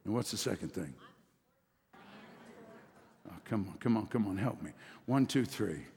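A man's voice: fairly low pitch, animated, measured pace, darkish tone, a little hiss or hum. A man preaching a sermon as pastor, leading his congregation in call-and-response with rising, emphatic delivery. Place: church sanctuary. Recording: long reverb of a church hall.

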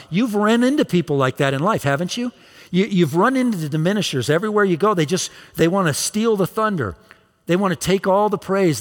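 Guy preaching a sermon, bit high voice, lots of repeating for emphasis, long church reverb. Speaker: pastor.

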